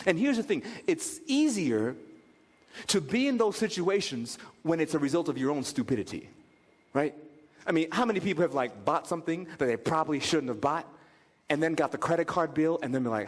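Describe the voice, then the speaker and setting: A male pastor preaching a sermon in an animated way, often slipping into the voices of the people in his examples. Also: a little high, a little fast. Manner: animated, acts out quoted voices. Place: church sanctuary. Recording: reverberant church hall.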